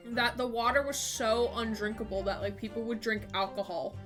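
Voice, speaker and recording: A woman's voice: on the high side, normal speed. A woman streamer chatting casually and playfully while she plays and voices a game. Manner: animated, playful. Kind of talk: casual let's-play chat with voice acting. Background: background music.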